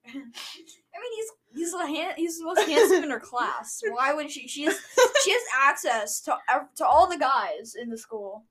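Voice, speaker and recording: A woman's voice: high-pitched, expressive, moderate pace, hardly any pauses, fairly bright tone. A young woman in casual chat, bantering and insisting on a teasing joke. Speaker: book discussion co-host.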